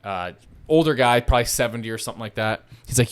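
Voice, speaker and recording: A man's voice: medium pitch, fast, smooth. A young man telling a story in casual podcast chat, swearing a lot and acting out what other people said. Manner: profane, animated, acts out the other people's lines.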